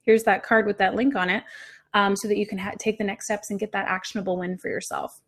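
A woman hosting a podcast, giving a motivational teaching talk in an upbeat, direct way, with deliberately varied, sing-song intonation. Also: medium pitch, flat delivery. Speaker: podcast host and visibility coach.

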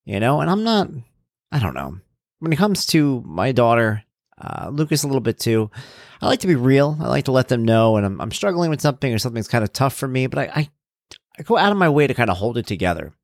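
A man's voice: mid-range voice, big pitch swings, quick pace, dry recording. A man hosting his own podcast in casual chat, upbeat and chatty with rambling asides, close to the mic. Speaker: podcast host.

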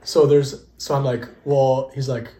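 A man's voice: mid-range voice, unhurried. A young man co-hosting a podcast, telling stories casually, laughing often and acting out the dialogue. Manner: lively, laughs often, acts out quoted dialogue. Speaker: podcast co-host. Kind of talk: casual storytelling. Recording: echoey room.

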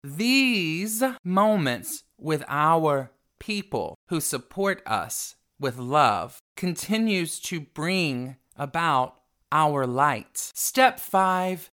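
Male host for a self-help radio show, flamboyant and theatrical, very animated pitch. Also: drawn-out words. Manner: theatrical, calls listeners darling.

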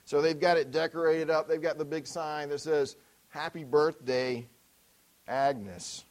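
A man preaching through an anecdote, his voice sitting a little high for a man. He tells it in a lively, animated way, slipping into the characters' voices. The delivery builds toward a direct appeal to the congregation. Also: measured pace, rough recording. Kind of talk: sermon illustration storytelling.

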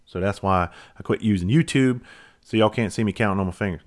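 A man's voice: on the low side, a little fast. A middle-aged man hosts a podcast, telling a rambling, profane story in a loose, self-mocking way. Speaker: podcast host. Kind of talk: casual storytelling.

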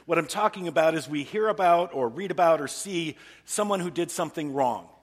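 A man's voice: on the high side, brisk. A man preaching a conversational sermon as pastor, putting rhetorical questions to the congregation. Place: church service. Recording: long reverb of a large hall.

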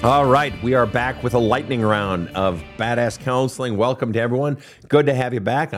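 A man hosting a counseling podcast, answering listener questions in a blunt, profane, direct manner. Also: mid-range voice. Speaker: counselor and show host.

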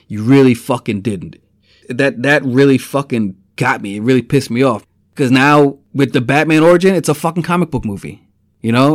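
A man's voice: medium pitch, no echo, clean studio sound. A man giving a casual, profanity-laced movie review, rambling and filling his talk with "man" and "you know.". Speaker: film reviewer.

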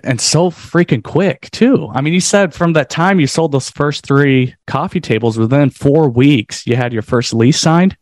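A male podcast host who reacts with eager amazement and follows up with quick questions. His voice sits a little higher than average, recorded close with a dry, roomless sound. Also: a little mellow, no room sound. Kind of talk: interview questions.

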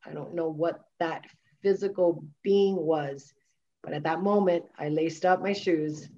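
A woman's voice: deep voice, steady tone, unhurried, mellow, highs cut off. A woman guest, a wellness coach, telling her personal story candidly in conversation, emphatic and full of filler words and restarts.

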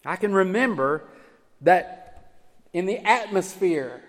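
A man preaching a sermon as pastor, emphatic, swinging from loud urging to hushed low tones. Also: lively intonation, takes it slowly. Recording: church hall with long reverb.

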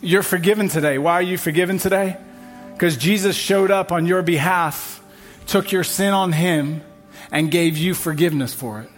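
High-voiced man preaching a sermon. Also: moderate pace, soft background music. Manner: emphatic preaching with repeated refrains. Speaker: pastor. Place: church service.

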